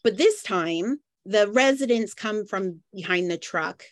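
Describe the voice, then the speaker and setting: A woman co-hosting a podcast, recapping a TV episode in a relaxed running summary. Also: mid-range voice, a little slow, dry recording. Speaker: podcast co-host. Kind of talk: casual chat recapping an episode.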